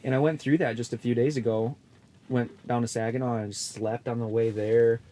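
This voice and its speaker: A man's voice: medium pitch, fairly even intonation, moderate pace, warm tone, a little hiss or hum. A young man co-hosting a podcast, rambling in laid-back casual chat from an ice fishing shelter. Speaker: podcast co-host.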